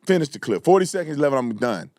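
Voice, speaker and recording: A man's voice: medium pitch, big pitch swings, fast talker, darkish tone, no echo, clean studio sound. A man hosting a political commentary show, reacting to a clip in a heated, repetitive, slangy rant. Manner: fiery, ranting, repeats himself, slangy.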